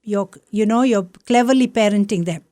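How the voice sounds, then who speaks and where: A woman's voice: medium pitch, normal speed, warm tone, dry recording, clean studio sound. Encouraging woman from South India. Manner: affirming, encouraging, teacherly. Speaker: Buddhist nun, guest. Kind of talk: conversational interview.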